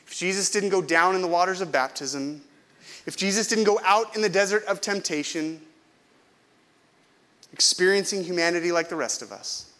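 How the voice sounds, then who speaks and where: Bright-voiced middle-aged male pastor preaching. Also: a little high. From California. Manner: conversational, self-deprecating, asks the congregation questions. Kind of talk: sermon.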